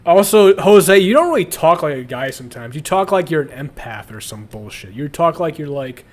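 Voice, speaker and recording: A young adult man streams casually, crude and rambling, often breaking into laughter. His voice is on the high side, very animated, at a moderate pace.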